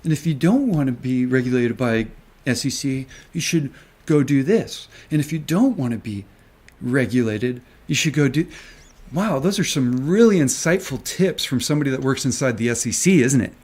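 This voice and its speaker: A man's voice: mid-range voice, expressive, normal speed, a little mellow, breathy edge. A man ranting on a live stream, angry and sarcastic, swearing and taunting with rhetorical questions. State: agitated. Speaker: stock market commentator.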